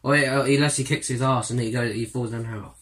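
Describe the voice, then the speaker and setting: A man hosting a reaction video, talking casually to viewers with constant swearing and loud exclamations. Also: medium pitch, steady tone, fast talker. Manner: profane, exclamatory, addressing viewers as guys. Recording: cartoon music playing behind.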